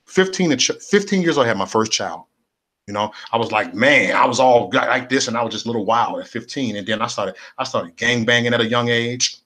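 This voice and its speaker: Husky man telling his street testimony. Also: mid-range voice, a little fast. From Chicago. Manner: animated storytelling, acting out voices, repeating phrases. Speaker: speaker sharing his testimony. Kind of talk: personal testimony monologue.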